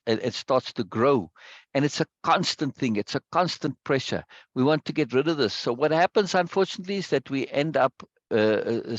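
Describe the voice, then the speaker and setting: A man's voice: on the high side, dry recording. A man leading a discussion in a reflective, explanatory teaching talk, often checking in with his listener. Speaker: discussion leader. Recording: dull, dry lo-fi recording.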